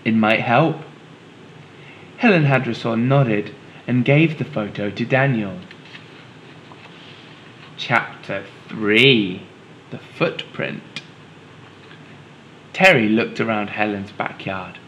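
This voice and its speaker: A man's voice: on the low side, slow pace, pauses often, a bit bright, slight background noise, rough recording. A man, a teacher, reading a children's storybook aloud and patiently explaining it to young listeners.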